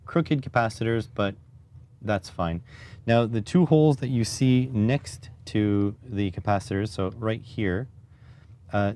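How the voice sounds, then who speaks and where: Low, mellow-voiced man streaming a build. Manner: rambling, joking, self-deprecating. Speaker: electronics hobbyist streamer. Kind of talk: casual live-stream chat while building electronics.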